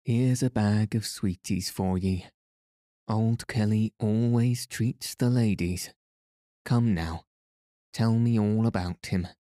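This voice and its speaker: A man's voice: fairly low pitch, slow pace, mellow, no room sound, studio quality. A man voicing a jovial, teasing old Irish peddler with a folksy brogue while reading a storybook aloud.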